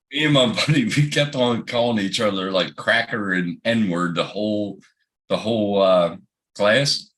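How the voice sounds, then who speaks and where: A man's voice: lowish voice, measured pace, a bit bright. Man telling sweary anecdotes. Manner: laughing, profane anecdotes with acted-out quotes. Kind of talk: casual chat.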